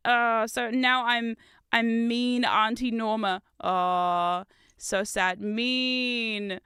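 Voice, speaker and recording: A young woman streamer chats casually and rambles through family stories. Her voice is bright and crisp, a touch high, heard close up in a dry space. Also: takes it slowly, no echo. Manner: chatty, rambling storyteller with laughs and fillers. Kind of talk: casual chat while building.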